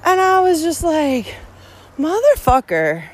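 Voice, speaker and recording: A woman's voice: medium pitch, expressive, normal speed. A woman records herself outdoors on a hiking trail. She talks bluntly and swears heavily, with frequent laughs in a casual rant. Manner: profane, blunt, laughs often. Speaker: hiking vlogger. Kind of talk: casual rant while walking.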